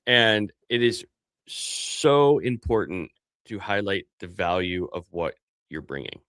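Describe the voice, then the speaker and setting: A man's voice: lowish voice, takes it slowly, fairly bright tone, dry recording. A man co-hosting a business podcast, giving emphatic casual advice, listing points and rephrasing as he goes.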